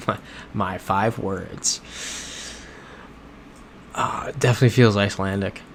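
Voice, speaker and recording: A man's voice: fairly low pitch, takes it slowly, creaky, slight background noise. Laid-back man chatting on a livestream. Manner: chatty, reads viewer comments aloud and reacts to them; laid-back, with soft chuckles. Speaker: livestream host. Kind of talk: casual livestream chat while playing a geography game.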